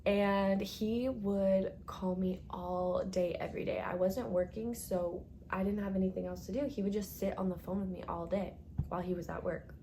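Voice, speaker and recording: A woman's voice: mid-range voice, fairly even intonation, moderate pace, dark tone, slight background noise. A young woman telling a casual storytime to her viewers, chatty and dramatic, with lots of "like" and swearing.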